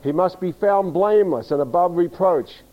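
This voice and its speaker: Through lo-fi audio comes a pastor's high voice at a moderate pace as he delivers a teaching sermon. His style is emphatic and direct; he spells words out and keeps asking the congregation to agree.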